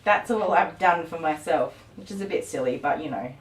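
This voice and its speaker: A rambling, chatty middle-aged woman with a fairly low voice talks on a casual live stream, full of ums and easy laughs. She sits back from the mic in a roomy space, with electric clippers buzzing behind her. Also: animated, normal speed, recorded from a distance. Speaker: dog groomer and live stream host. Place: grooming salon.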